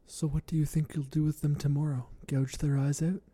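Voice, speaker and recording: A man voicing a scheming, murderous young duchess in a hushed, conspiratorial way that sometimes turns to a hiss. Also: level tone, a little fast, husky, rough recording. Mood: playful. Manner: hushed, conspiratorial, hissing at times. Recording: rumbling background noise.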